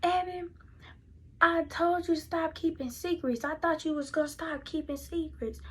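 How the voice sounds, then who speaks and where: Brief: a woman playing a fussing middle-aged mom, pitched high, scolding. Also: moderate pace, a little mellow, lightly acted. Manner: fussing, scolding, repeating herself.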